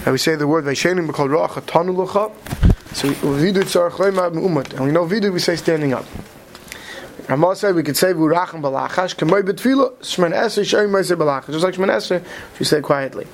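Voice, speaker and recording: Speaking quickly over a faint hiss, a fairly high-voiced man teaches a Torah study lecture. He sprinkles Hebrew words into English and keeps pausing with "right?" to make sure his listeners follow.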